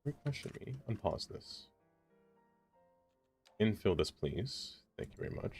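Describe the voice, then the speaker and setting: A man's voice: on the low side, sing-song, takes it slowly, darkish tone. A man streaming a city-building game, chatting casually with viewers, laughing often and talking to himself as he builds. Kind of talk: casual live-stream chat while playing a city builder. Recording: faint music behind.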